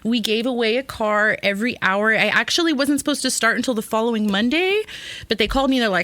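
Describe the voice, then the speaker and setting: A woman's voice: fairly high pitch, lively intonation, fast, a bit bright, no room sound. A woman from California's Central Valley, a podcast guest chatting in an upbeat, chatty way. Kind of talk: casual podcast chat.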